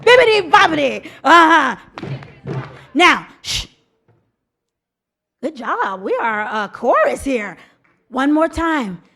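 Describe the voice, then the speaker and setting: A woman's voice: sits high, very animated, slow, pauses often, fairly bright tone. A woman leading an audience in a rhythmic call-and-response drum game, chanting and coaxing.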